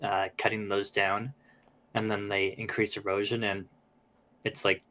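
A man's voice: fairly low pitch, flat delivery, a little slow, pushed and bright, a little hiss or hum. A man playing a tabletop game, making dry, wry asides. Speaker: player. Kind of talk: casual tabletop game chat.

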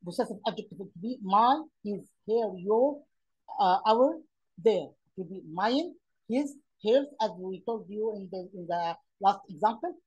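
A woman's voice: mid-range voice, lively intonation, measured pace, a little mellow, husky, highs cut off. A woman teaching an English grammar lesson online, explaining step by step with many fillers and questions to the pupils.

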